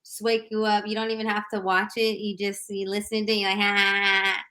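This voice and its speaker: A woman's voice: mid-range voice, little pitch movement, fast, a bit bright. A woman guest in a casual panel chat, talking playfully and laughing easily.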